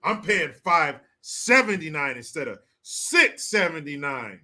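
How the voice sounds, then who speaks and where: A man's voice: on the high side, big pitch swings, measured pace, few pauses, sharp tone. A man hosting a live stream, ranting with sarcastic, profane, mocking commentary. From California.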